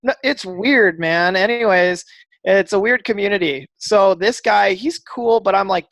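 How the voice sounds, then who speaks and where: A man guesting on a podcast, telling a story animatedly, acting out dialogue with fillers and quick restarts. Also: high voice, gravelly, a bit bright, dry recording. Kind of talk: casual storytelling interview.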